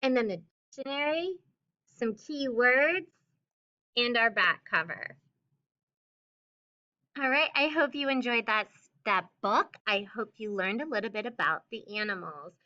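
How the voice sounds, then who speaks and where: A woman teacher reading a picture book aloud to children with expressive storybook delivery, then talking through the lesson. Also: a little high, a little slow, pauses often, highs cut off.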